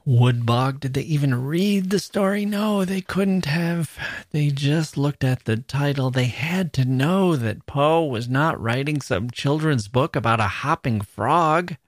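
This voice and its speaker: A man's voice: fairly high pitch, animated, slow, no room sound. A man hosting a literature podcast, talking casually in a wry, mockingly disappointed way. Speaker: podcast host.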